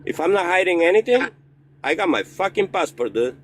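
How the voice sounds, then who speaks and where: A man's voice: sits high, very animated, fairly quick, slight background noise. A man calling into a live politics stream, combative and swearing, talking over the host and co-host. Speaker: caller. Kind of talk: heated call-in argument.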